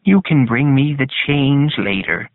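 A man's voice: medium pitch, lively intonation, a little slow, gravelly, no echo, voice pushed up. Brief: sweet coaxing old-lady voice from a disguised creature, put on by a male narrator, thin phone-like audio. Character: shape-shifter posing as a sweet little old lady. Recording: tinny phone-like dry sound.

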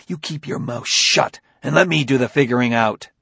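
A man doing a gruff, angry detective. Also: medium pitch, normal speed, no room sound, exaggerated voice. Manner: gruff, forceful. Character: angry, harried male police detective.

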